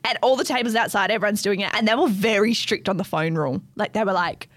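A woman's voice: mid-range voice, fast talker, no echo, clean studio sound. A young Australian woman co-hosting a podcast, telling stories in casual chat and laughing often. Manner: animated storytelling, frequent laughing, swears. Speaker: podcast co-host.

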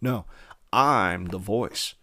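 A man preaching a verse-by-verse sermon, reading scripture in a slow, formal cadence and then explaining it in plain talk with rhetorical questions. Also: on the low side, sharp tone.

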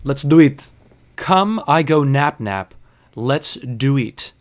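Man putting on a pompous impatient bar customer, loud, clipped broken English, a bit higher than his own voice. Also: lively intonation, takes it slowly.

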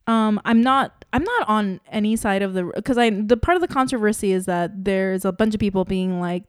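A woman co-hosting a casual podcast chat, talking in a lively, chatty way full of fillers. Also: medium pitch, brisk, hardly any pauses, clear, resonant tone, no echo, studio quality. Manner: animated, chatty, lots of fillers. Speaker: podcast co-host.

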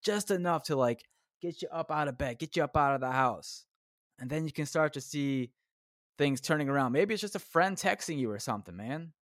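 A man's voice: fairly high pitch, animated, a little fast, a bit bright, no room sound, clean studio sound. A man hosting a solo podcast, ranting casually, swearing constantly and rambling off on tangents. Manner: rambling, self-interrupting. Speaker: podcast host.

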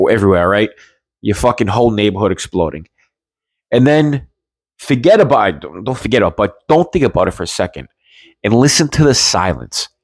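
A man's voice: mid-range voice, no room sound. A man from the United States ranting in agitated, profane commentary, often repeating himself as he talks into a podcast mic.

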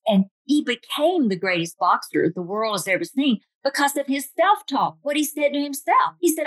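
A woman's voice: high voice, moderate pace, few pauses, no room sound, low-quality recording. An older woman with a Southern accent from Tennessee, giving a humorous, folksy motivational talk full of stories. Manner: folksy, humorous, animated storyteller. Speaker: motivational speaker.

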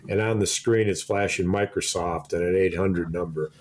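A man's voice: low-pitched, steady tone, normal speed. A middle-aged man telling long anecdotes in casual chat, laughing often and restarting his sentences. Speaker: podcast co-host.

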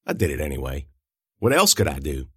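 Lively man narrating a folksy story. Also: very deep voice, fairly quick, slightly rough, no echo, studio quality. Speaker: audiobook narrator. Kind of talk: first-person scripted narration.

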